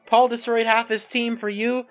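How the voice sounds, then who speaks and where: A let's-play co-host chatting casually and excitedly while playing a game together. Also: mid-range voice, moderate pace, faint music behind. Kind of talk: casual gaming chat.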